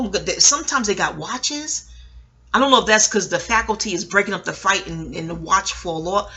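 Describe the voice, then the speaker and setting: A woman's voice: mid-range voice, pushed and bright. A middle-aged woman, telling stories at home in a rambling, profane way and laughing often. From New York. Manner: profane, laughing, digressive storytelling. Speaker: vlogger. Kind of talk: casual rambling monologue.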